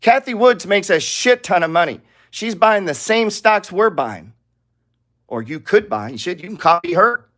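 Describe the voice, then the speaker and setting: A man's voice: high voice, lively intonation, normal speed, fairly bright tone. A man teaching a live trading lesson over charts, blunt and profane, firing off rhetorical questions.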